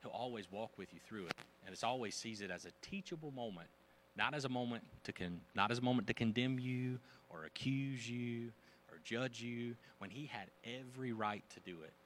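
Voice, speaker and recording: A man preaching a sermon in a conversational, animated way, using casual slang. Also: medium pitch, normal speed, slight background noise. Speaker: pastor.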